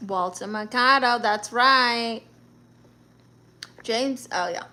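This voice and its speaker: A woman's voice: on the high side, takes it slowly, bright, forceful tone. A woman doing a brassy Brooklyn auntie. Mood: sassy. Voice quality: sassy, blunt, boastful. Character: brash middle-aged Brooklyn aunt posing as therapist. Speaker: livestream host. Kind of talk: in-character livestream chat reading.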